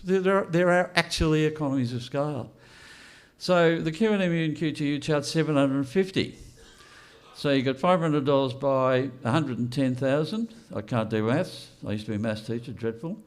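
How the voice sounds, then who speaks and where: The voice is a little high and the pace moderate. An older man addresses an audience at a political launch event, speaking bluntly without notes and posing rhetorical questions.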